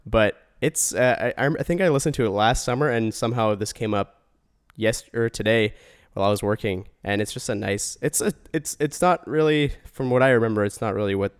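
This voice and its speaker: A man's voice: fairly low pitch, clear, resonant tone. Casual rambling podcast host man. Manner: rambling, halting restarts.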